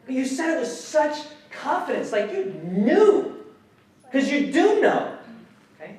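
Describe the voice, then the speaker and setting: A man giving a public lecture as an educator, animated, questioning the audience and swearing casually. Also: extremely high pitch, unhurried. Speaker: guest speaker, educator. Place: lecture hall. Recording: echoey hall, mic some distance off.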